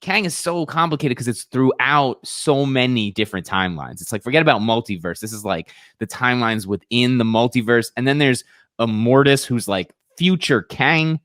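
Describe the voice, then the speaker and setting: A man's voice: medium pitch, moderate pace, fairly bright tone, dry recording, studio quality. A man talking casually on a podcast, rambling animatedly about comics.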